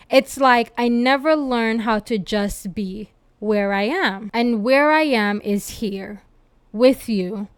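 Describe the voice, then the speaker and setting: A woman reads as a lovesick young man pouring out an anxious confession. The voice is crisp and a little high. It sounds dry and close. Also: dry recording, lightly acted. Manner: heartfelt confession read aloud.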